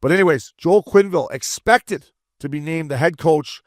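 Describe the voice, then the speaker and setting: Swearing, animated former player co-host. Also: male voice, a little high, moderate pace, dry recording, studio quality. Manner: swears a lot, animated impressions. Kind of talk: casual hockey podcast banter.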